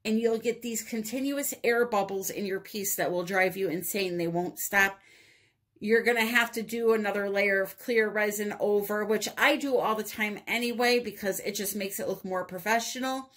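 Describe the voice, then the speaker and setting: A woman's voice: medium pitch, normal speed, a bit bright. A woman with a New England accent hosting a casual resin art tutorial, chatty and upbeat, laughing at herself. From northeastern United States. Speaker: resin art channel host.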